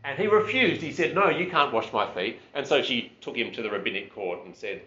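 Male preacher, casual lively delivery, dull roomy recording. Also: medium pitch, brisk. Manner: conversational, animated, with self-deprecating asides. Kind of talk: sermon.

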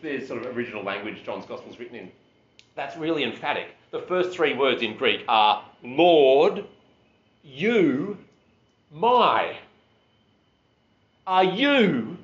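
A man's voice: mid-range voice, muffled recording. Conversational male preacher, roomy sound. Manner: conversational, animated, with self-deprecating asides. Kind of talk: sermon.

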